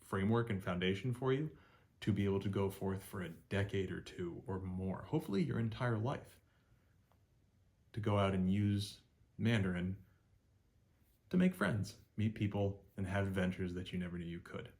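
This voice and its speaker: A man teaching Mandarin pronunciation in a video lesson, encouraging and demonstrating sounds with big pitch swings. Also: lively intonation, normal speed, creaky, darkish tone.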